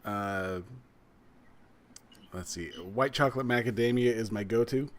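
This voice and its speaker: A man's voice: mid-range voice, a little slow, noisy background. Laid-back, hesitant man. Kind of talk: casual chat.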